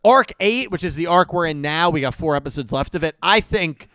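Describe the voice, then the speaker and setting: Lively enthusiastic young man hosting. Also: a little high, brisk, dry recording. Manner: enthusiastic, laughs often, reads chat donations. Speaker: podcast host. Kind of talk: casual podcast chat.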